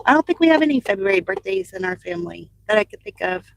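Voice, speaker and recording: A woman's voice: mid-range voice, expressive, fast, vocal fry, rough recording. An older woman from Southern Indiana chatting casually with viewers from her car, thinking aloud with fillers. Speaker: vlogger reading live chat. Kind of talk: casual chat. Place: car on delivery route. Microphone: phone or dash mic in car.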